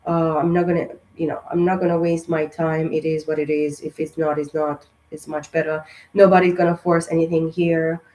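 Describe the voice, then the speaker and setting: A tarot reader gives a casual astrology reading straight to camera in a mid-range, slightly mellow voice with little pitch movement, a normal pace and few pauses. Her talk rambles, packed with fillers, restarts and direct words of encouragement. The rough recording carries a strained, sensitive quality, which she says has been true of her lately.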